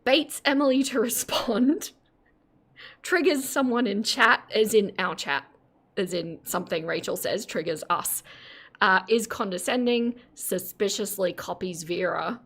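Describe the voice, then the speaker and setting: A woman's voice: mid-range voice, unhurried, fairly bright tone. Woman streamer rambling on live, giggles a lot, mocks herself. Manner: chatty, giggly, self-mocking asides. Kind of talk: casual live-stream commentary.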